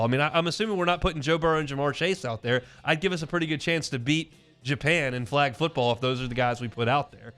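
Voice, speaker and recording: A man's voice: fairly high pitch, fast, few pauses, a bit bright, faint music behind. A man hosting a sports talk radio show, giving casual, opinionated takes with frequent restarts. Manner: conversational, opinionated, many restarts. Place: radio studio. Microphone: studio mic.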